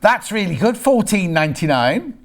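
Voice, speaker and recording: Lively chatty shopping presenter man. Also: high voice, moderate pace. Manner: chatty, jokey, bantering with off-camera crew. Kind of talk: live TV sales patter.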